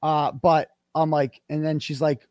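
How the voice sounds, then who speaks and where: Guest: animated male storyteller with a slightly high, lively voice who acts out quoted dialogue, recorded dry and close. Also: a little slow, no room sound. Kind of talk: casual interview storytelling.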